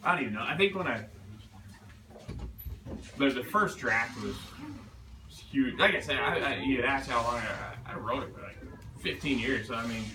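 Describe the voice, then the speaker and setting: A man, the author, answering questions at a bookstore reading, halting and restarting often and laughing easily. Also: mid-range voice, background noise. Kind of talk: casual Q&A at a book reading. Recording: roomy distant live recording.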